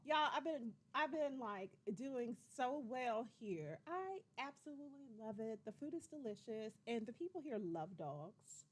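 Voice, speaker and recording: A woman in her forties hosts a casual livestream, her voice pitched high. She chats loosely and playfully, drawls her y'alls and calls out to viewers by name with excitement. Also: a little slow, hardly any pauses. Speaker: livestream host.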